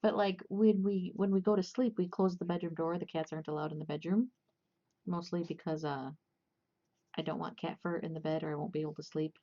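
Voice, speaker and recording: A woman's voice: fairly low pitch, fairly even intonation, fairly quick, lo-fi sound. A young woman casually chatting and rambling with lots of fillers and restarts while hosting a crochet livestream.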